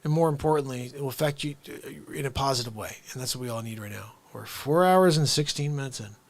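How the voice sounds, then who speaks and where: A man hosting a casual live stream who talks straight to his viewers, excitable and upbeat, jumping from loud bursts to quiet asides. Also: mid-range voice, fast, vocal fry. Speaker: livestream host.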